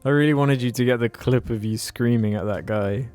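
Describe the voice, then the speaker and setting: A man's voice: mid-range voice, a little fast, darkish tone, faint music behind. A young man co-hosting a podcast, casually chatting and teasing his friends, laughing readily. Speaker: podcast co-host. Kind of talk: casual chat.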